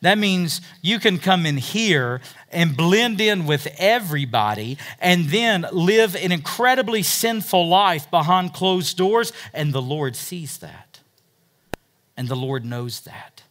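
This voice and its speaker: Pastor, male, bright higher voice, preaching verse by verse, big swings from loud emphasis to hushed asides. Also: animated, takes it slowly. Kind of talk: sermon.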